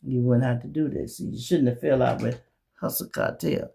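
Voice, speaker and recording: A man's voice: medium pitch, moderate pace, creaky, mellow. A man from Memphis, hosting a blunt, profane commentary monologue that mocks its target. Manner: blunt, profane, mocking, acts out others' voices. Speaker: show host.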